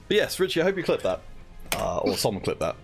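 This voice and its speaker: A man's voice: medium pitch, vocal fry. A man co-hosting a live stream, chatting casually and laughing often. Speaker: streamer and co-host.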